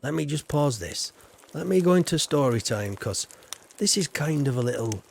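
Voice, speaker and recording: A man's voice: on the high side, lively intonation, normal speed, gravelly, slight background noise. A man chatting casually on a live game stream, rambling and reading chat aloud.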